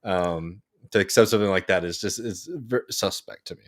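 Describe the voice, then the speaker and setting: Hesitant low-voiced man, sighing. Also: moderate pace. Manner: hesitant, many fillers and sighs, restarts often. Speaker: podcast co-host. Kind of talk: casual political chat.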